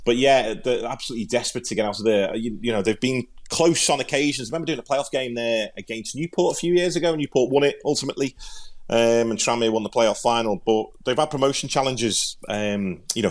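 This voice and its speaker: A man's voice: medium pitch, brisk. A man with a Liverpool accent, co-hosting a football podcast in casual, rambling chat, often repeating words as he thinks. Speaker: podcast co-host and pundit.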